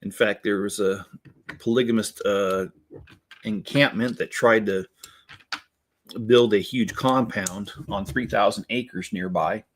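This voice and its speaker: A man's voice: fairly low pitch, fairly even intonation, takes it slowly, slight background noise. A man hosting a casual livestream while building Lego. He rambles with plenty of fillers and keeps breaking into laughter.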